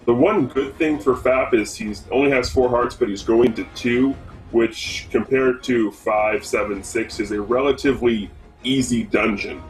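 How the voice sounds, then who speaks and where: Guy from the us northeast doing casual race commentary, lots of uh and um, soft music under it. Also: mid-range voice, poor audio. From Northeast United States. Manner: rambling, many fillers and restarts.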